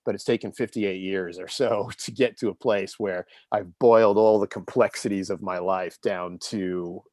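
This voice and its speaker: A man's voice: sits low, fairly even intonation, normal speed, a little mellow, no echo, studio quality. A man in his fifties, an interview guest telling personal stories in an earnest, reflective, conversational way. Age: 50s. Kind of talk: casual conversational storytelling.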